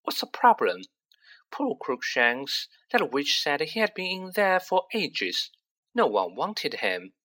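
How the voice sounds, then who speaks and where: A man voicing a brisk, bossy teenage witch girl in a storybook reading. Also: on the high side, sing-song, pushed and bright, heavily acted.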